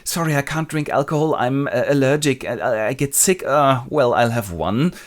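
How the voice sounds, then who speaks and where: A man's voice: medium pitch, lively intonation, moderate pace, fairly bright tone, pitched above the performer's own voice, natural voice. A man voicing a naive, eager young officer who stammers, in a comic retelling.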